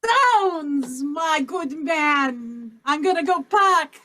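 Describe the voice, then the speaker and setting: High animated lady doing improv, playful, laughs a lot, talks slow. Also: a little hiss or hum. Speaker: improv performer. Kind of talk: improv comedy.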